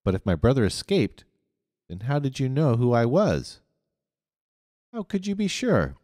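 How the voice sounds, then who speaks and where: A man voicing a gentle, courtly older gentleman who speaks politely and formally in an audiobook. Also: medium pitch, huge pitch swings, a little slow, no room sound, studio quality, pitched above the performer's own voice. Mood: genial.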